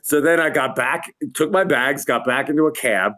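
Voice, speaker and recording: A man's voice: fairly high pitch, normal speed, pushed and bright. A middle-aged man, a lighting designer and guest, telling a tour story in a casual way, acting out quotes and laughing often, over a video call from his home.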